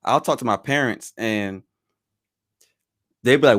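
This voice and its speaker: A man co-hosting a podcast in casual banter. He explains his points in a thoughtful, measured way. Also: mid-range voice, animated, fairly bright tone. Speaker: podcast co-host.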